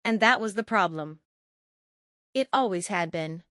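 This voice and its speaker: A woman narrating a scripted first-person story in calm, terse short sentences. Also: medium pitch, measured pace, no echo, studio quality.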